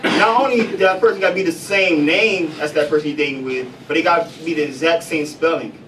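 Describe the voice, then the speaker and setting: A man from Chicago doing stand-up comedy in a coffee house, loose and profane with deadpan punchlines. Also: on the high side, a little fast. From Chicago, USA. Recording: distant mic, noisy café room.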